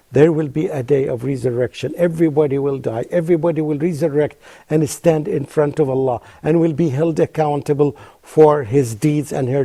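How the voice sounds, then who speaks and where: A man presenting a religious lesson on television, emphatic and repetitive for stress, slowing down to pronounce Arabic terms carefully. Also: fairly high pitch, mellow. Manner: emphatic, repeats phrases for stress. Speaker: TV presenter teaching Quran reflections. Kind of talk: religious lecture.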